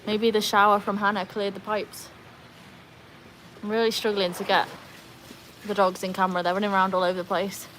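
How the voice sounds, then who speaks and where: A woman chats casually on a livestream in her backyard by the pool, reading viewer comments and joking about herself. Her voice sits at a middle pitch. There is no external mic, only a phone, and a faint outdoor hiss hangs underneath. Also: flat delivery, a little fast, long pauses, fairly bright tone. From North Wales. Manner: chatty, self-deprecating, walks around the yard. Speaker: livestream host.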